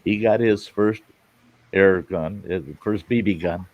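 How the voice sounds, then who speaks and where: A man's voice: sits low, steady tone, unhurried, muffled recording. A middle-aged man hosting a live stream, telling stories in a blunt, folksy way and swearing freely. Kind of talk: casual storytelling chat. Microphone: live stream mic.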